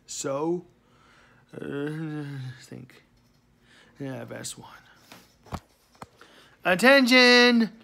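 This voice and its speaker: A sleepy, yawning man giving a casual spoken announcement to his channel, halting with fillers and trailing off quietly. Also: sits high, gravelly, background noise. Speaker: channel host.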